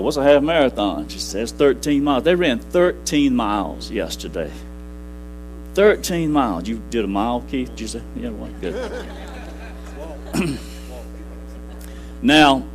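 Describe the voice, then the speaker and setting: A man's voice: mid-range voice, low-quality recording. A middle-aged man preaching a sermon in a church, folksy and repetitive, building to emphatic peaks. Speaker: pastor. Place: church sanctuary.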